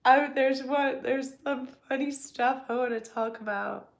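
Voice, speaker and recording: A young woman hosting a casual livestream, hoarse, congested and tired from the flu. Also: high voice. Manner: slow, drowsy talk, reading chat aloud. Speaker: livestream host.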